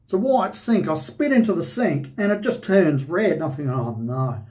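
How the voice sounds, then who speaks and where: A man's voice: high-pitched, very animated, fairly quick, mellow. An Australian man, host of a shaving channel, telling a personal story in a rambling, conversational way with lots of "you know".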